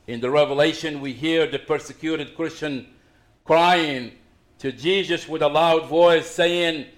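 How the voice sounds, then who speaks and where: Man preaching, middle-aged, fairly high-pitched, swings from loud emphasis to hushed asides. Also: steady tone, unhurried. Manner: preaching with rising emphasis, then dropping to quiet asides. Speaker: pastor. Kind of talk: sermon.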